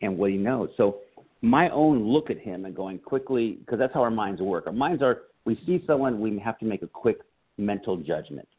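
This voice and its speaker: An animated man tells stories in a casual interview and slips into voices for the people he quotes. His voice sits low and sounds husky. The sound is thin and narrow, like a phone call. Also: normal speed. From United States. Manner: animated storyteller acting out quotes. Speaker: guest, comedian and writer. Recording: phone-like line.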